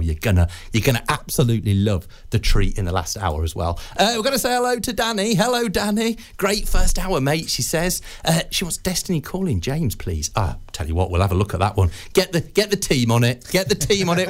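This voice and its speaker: A male radio presenter, talking casually and rambling between records. His voice is mid-pitched but very animated, jumping up and down as he jokes and chuckles through his links. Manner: chatty, jokey, rambling with frequent laughs and fillers.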